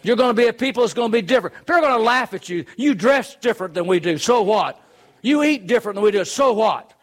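A man's voice: high-pitched, lively intonation, fast. A man preaching a sermon, earnest and emphatic, driving his points home with rhetorical questions.

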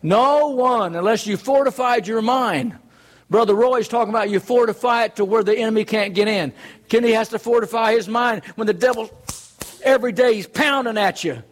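A man's voice: high-pitched, normal speed. A man preaching a sermon in an earnest, conversational way, full of rhetorical questions.

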